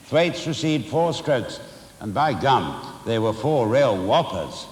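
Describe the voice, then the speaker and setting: A man reading a memoir aloud with expressive, dramatic storytelling and occasional asides. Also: medium pitch, a little slow. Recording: roomy hall reverb.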